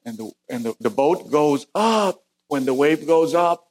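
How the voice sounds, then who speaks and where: A middle-aged man from Vietnam preaching a sermon and telling his own story earnestly, his voice climbing high at the tense moments. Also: animated, unhurried. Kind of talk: sermon with personal testimony.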